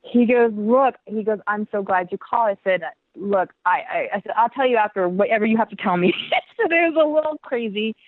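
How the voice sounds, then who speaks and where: A woman dancer telling a story in an interview, animated, acting out the voices she quotes and laughing often. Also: mid-range voice, a little fast, hardly any pauses, no echo. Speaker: guest dancer. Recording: tinny phone-like line, dry.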